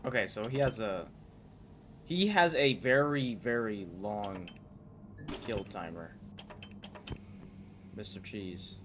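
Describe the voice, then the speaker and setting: A young man doing casual gameplay commentary on a horror game, excitable and swearing a lot as he talks to himself. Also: fairly low pitch, slow, long pauses. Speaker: gaming YouTuber. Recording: noisy game audio.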